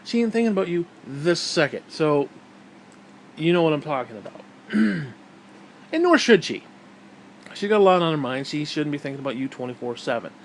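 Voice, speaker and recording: A man's voice: on the high side, sing-song, normal speed, long pauses, a little hiss or hum. A man, hosting his own show in a crude, bitter, rambling rant full of restarts. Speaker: vlog host. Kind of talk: profane rant.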